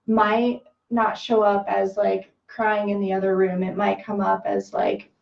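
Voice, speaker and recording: A woman's voice: mid-range voice, little pitch movement, measured pace, vocal fry. A woman co-hosting a spiritual talk, chatty and affirming, her speech full of fillers. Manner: chatty, agreeing, peppered with likes. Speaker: spiritual podcast co-host. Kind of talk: casual spiritual chat. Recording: roomy, distant, dull sound.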